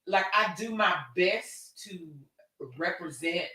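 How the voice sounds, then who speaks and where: A woman hosting a live talk show in casual chat. She is animated and expressive, swinging between loud and soft. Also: fairly low pitch, slow. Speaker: host. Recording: echoey room, distant mic.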